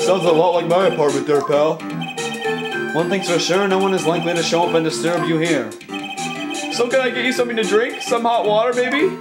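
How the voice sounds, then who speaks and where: A man voicing a loud, lovesick young goofball who whines and brags. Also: high-pitched, steady tone, a little fast, natural voice. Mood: boastful. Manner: brash, whiny, boastful. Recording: loud game music behind.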